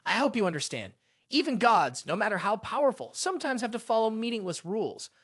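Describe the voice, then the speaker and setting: Proud, indignant sun god, read by a male narrator; high and animated. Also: a little fast, no room sound, clean studio sound, exaggerated voice. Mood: calm. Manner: indignant, ranting.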